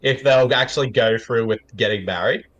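A man's voice: mid-range voice, fairly quick, fairly bright tone, highs cut off. A man with an Australian accent, joking and laughing as co-host of a casual movie commentary chat. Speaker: podcast co-host.

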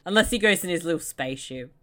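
A woman with a bright, forceful tone riffs on a film as a podcast co-host. Her pitch leaps around as she jokes, curses and laughs with friends. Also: lively intonation, quick pace. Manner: joking, swears freely, laughs often. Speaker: podcast co-host watching a movie. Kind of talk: casual movie commentary chat.

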